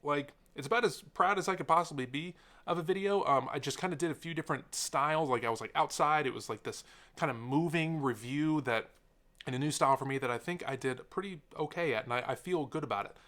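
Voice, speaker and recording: A young man sits and talks straight to the camera in an unscripted vlog. His voice is bright and forward, and he drifts between sidetracks with plenty of fillers. He speaks earnestly and openly. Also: fairly high pitch, quick pace. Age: young adult. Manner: rambling, sidetracked, many fillers. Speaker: tech YouTuber. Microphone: camera mic, seated talking to camera.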